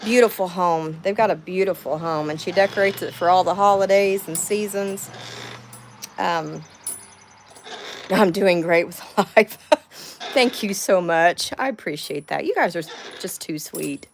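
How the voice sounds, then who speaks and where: A woman's voice: fairly low pitch, a little slow, slight background noise. Nervous Southern woman chatting on a livestream. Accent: Southern US drawl. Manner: chatty, nervous, thanks viewers warmly by name. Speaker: livestream host. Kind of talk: casual livestream chat reading comments. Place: home, near a window with birds outside.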